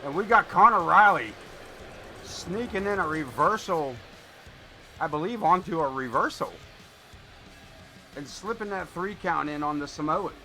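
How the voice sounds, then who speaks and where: A man streaming live, calling wrestling play-by-play and chatting casually in an excitable, rambling way, swearing now and then. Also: fairly high pitch, unhurried, long pauses. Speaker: streamer commentating a wrestling game. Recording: music playing behind.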